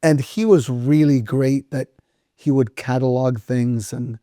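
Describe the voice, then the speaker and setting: A man's voice: medium pitch, steady tone, unhurried, mellow, dry recording, clean studio sound. A middle-aged man, a restaurant owner, telling stories in a casual interview, acting out the voices of people he quotes and swearing freely. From United States.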